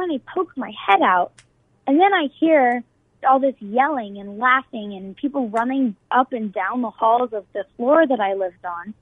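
A woman's voice: a little high, no echo, phone-quality sound. A young woman guest on a talk show, earnestly recounting a personal experience with frequent fillers and restarts. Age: young adult.

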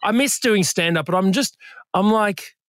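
Animated Australian man telling stories. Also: high-pitched, normal speed, no echo, studio quality. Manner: animated storyteller, acts out voices, laughs often. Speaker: podcast guest, comedian and actor. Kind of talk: casual chat.

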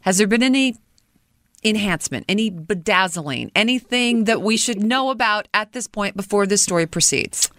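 A woman co-hosting a casual studio chat, reacting quickly with playful teasing asides. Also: medium pitch, animated, fairly bright tone, dry recording. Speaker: co-host.

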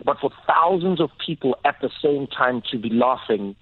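A South African man, a comedian guest, telling stories in an animated way on a casual radio interview. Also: medium pitch, normal speed, breathy edge. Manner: animated, storytelling, laughing easily. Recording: tinny, phone-like, dry radio sound.

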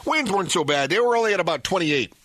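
A man putting on the voice of his terse old father from northern Michigan, gruff and dismissive. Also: high voice, expressive, fast talker, a bit bright, no echo, pitched above the performer's own voice. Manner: gruff, few words, dismissive.

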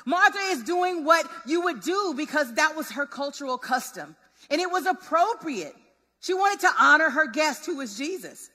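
A woman preaching a sermon in a lively, conversational, relatable way. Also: sits high, moderate pace. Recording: long hall reverb.

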